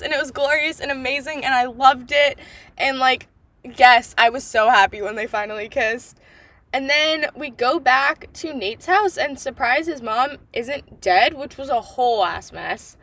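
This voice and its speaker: A woman with a high, bright, sharp voice hosts a book podcast in a loose, casual chat. She rambles through lots of fillers, gushes over what she loves, gets exasperated over what she hates, and swears freely.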